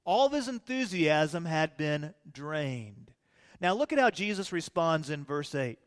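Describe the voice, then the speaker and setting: A male pastor preaching a sermon in a church, animated, swinging between loud emphasis and quiet low lines. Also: measured pace. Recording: long hall reverb.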